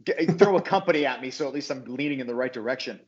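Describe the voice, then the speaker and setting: A man's voice: mid-range voice, very fast, muffled recording. An American man as a guest in a casual interview, joking and self-deprecating. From USA. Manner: jokey, self-deprecating, animated.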